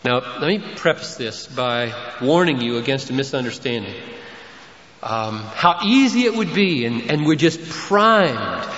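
A man's voice: animated, unhurried, fairly bright tone. Impassioned male pastor in echoing church. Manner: impassioned, rising in pitch and force for emphasis. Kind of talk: sermon. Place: church sanctuary. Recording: dull, roomy reverberant church recording.

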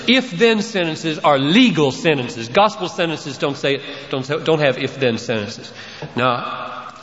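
Impassioned male pastor in echoing church. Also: fairly bright tone. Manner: impassioned, rising in pitch and force for emphasis. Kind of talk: sermon. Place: church sanctuary. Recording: dull, roomy reverberant church recording.

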